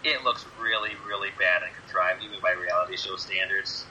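A man's voice: deep voice, steady tone, fairly quick, pushed and bright, a little hiss or hum, low-quality recording. A man co-hosting a podcast in casual chat, dropping dry, wry asides. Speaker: podcast co-host.

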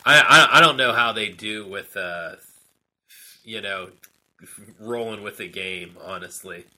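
Male co-host, slow relaxed pace, very bright tone, laid-back chat. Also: fairly low pitch, poor audio. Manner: unhurried, chuckling, hedging with fillers. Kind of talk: casual chat.

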